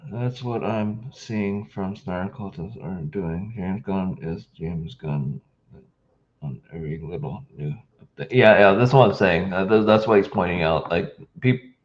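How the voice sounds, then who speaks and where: A man's voice: low voice, a little slow, highs cut off. A man hosting a reaction video, talking casually and hesitantly with frequent ums and restarts. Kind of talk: casual commentary.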